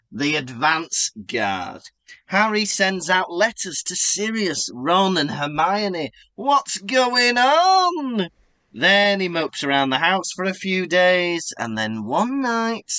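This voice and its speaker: A man's voice: a little high, sharp tone, no echo, rough recording. A man co-hosting a podcast, playfully teasing his co-host and summing up a book chapter. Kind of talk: casual chat and chapter summary.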